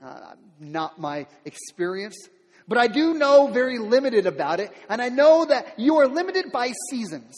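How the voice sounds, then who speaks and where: A middle-aged man, a pastor, preaching a sermon in a conversational way, repeating words and building to loud emphatic peaks. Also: very high voice, sing-song, normal speed. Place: church sanctuary. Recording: long hall reverb.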